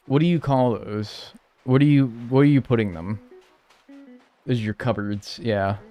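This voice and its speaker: A man's voice: mid-range voice, moderate pace, mellow. A man chatting casually with his live-stream audience, playful and mock-outraged, swearing as he jokes.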